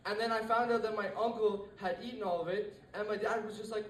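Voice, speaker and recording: Talking fast with hardly any pauses, a high-pitched teenage comedian rambles through a stand-up set packed with fillers and restarts before a live room. A little hiss or hum sits under the recording, which is echoey with the mic far off.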